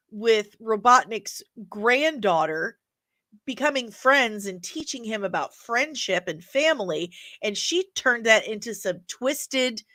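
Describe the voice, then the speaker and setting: A woman's voice: on the high side, sharp tone, no room sound. A woman hosting a casual commentary show, blunt and sarcastic, swearing freely. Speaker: host.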